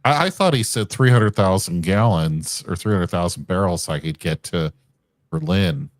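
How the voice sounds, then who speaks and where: Deep-voiced joking male co-host. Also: animated, moderate pace, no echo, studio quality. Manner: brief joking interjections. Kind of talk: casual livestream chat.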